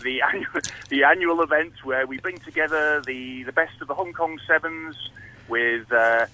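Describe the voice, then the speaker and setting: Bright-voiced man chatting on the radio. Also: on the high side, normal speed, rough recording. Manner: hesitant, many fillers and restarts. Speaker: rugby guest. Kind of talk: casual radio chat.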